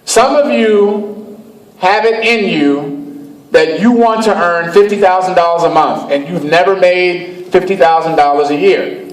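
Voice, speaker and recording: A man's voice: high-pitched, measured pace. A man from Cleveland, Ohio giving a motivational speech to an audience, emphatic and storytelling, repeating his phrases. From Cleveland, Ohio, USA. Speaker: motivational speaker. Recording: echoey, far from the mic.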